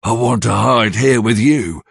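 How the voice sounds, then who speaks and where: A man voicing a violent male criminal on the run, shouting and desperate in a storybook reading. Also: medium pitch, a little slow, vocal fry, husky, no room sound, studio quality, exaggerated voice.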